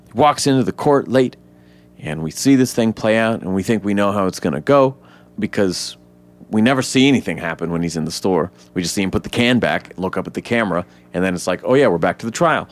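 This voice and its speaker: A man co-hosting a casual podcast, retelling a film scene by scene with lively acted-out quotes and frequent swearing. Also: fairly quick. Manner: animated retelling, acts out quotes in high voices; swears freely. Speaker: podcast co-host. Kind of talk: casual movie breakdown chat.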